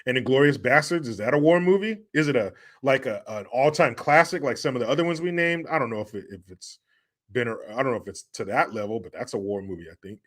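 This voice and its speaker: Man, casual livestream host, loose and joking, reads chat, mid pitch. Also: quick pace, fairly bright tone.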